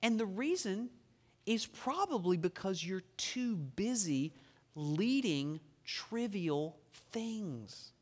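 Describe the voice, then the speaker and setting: A male pastor preaching a sermon in a church, emphatic and joking, stretching key words slowly for effect. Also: sits high, sing-song. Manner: humorous, emphatic preaching with dramatic slowdowns. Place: church sanctuary. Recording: long reverb of a church hall.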